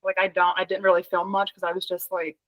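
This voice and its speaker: A young woman from Pennsylvania, a podcast guest, telling an animated story in casual chat, laughing often and saying "like" a lot. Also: fairly low pitch, quick pace, dry recording, low-quality recording.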